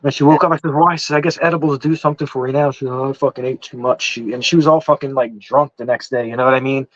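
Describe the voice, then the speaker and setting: A man's voice: medium pitch, steady tone, rapid-fire, no room sound. A man with an East Coast accent telling a long story in casual chat, swearing a lot and repeating himself with restarts. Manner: rambling, heavy swearing, lots of "I said" restarts. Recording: dull muffled lo-fi sound.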